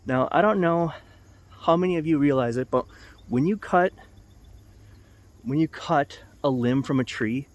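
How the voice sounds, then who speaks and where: A middle-aged man vlogs to the camera, telling a casual, rambling story, correcting himself as he goes and chuckling at his own mishaps. His voice is a little high and a little slow, with long pauses, and the recording is dry.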